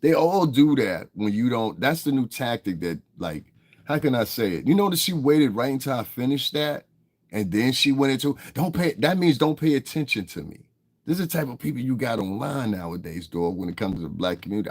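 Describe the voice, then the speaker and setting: A man's voice: mid-range voice, lively intonation, a little fast. Profane, confrontational male livestreamer. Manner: profane and confrontational, heated tirade at viewers. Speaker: livestream host. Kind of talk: live-stream commentary, talking to chat.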